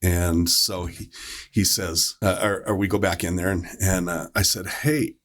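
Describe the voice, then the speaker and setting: Man, paramedic, deep-ish voice, loose storyteller full of ums and restarts, podcast mic. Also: flat delivery, normal speed, a bit bright. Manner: rambling, many fillers and restarts.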